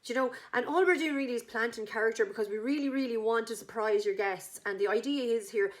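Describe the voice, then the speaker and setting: An Irish woman chatting enthusiastically, pitching her wedding act to a couple and acting out the characters' lines. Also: fast. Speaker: wedding entertainment business owner. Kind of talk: casual sales pitch to a couple.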